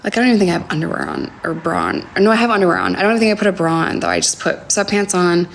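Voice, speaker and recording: A young woman recounts a story on a phone livestream from home, her words halting and full of fillers. Her voice sits low and carries a gravelly vocal fry. At times she drops almost to a whisper, over a faint hum in the background. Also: big pitch swings. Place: home, indoors.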